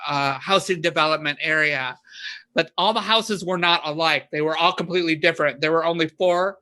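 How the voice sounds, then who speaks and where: A woman guest on a podcast, chatting casually and telling animated stories that she acts out in loud bursts. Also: sits low, fairly quick. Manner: animated storyteller, voices her past panic in loud bursts. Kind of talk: casual chat, storytelling.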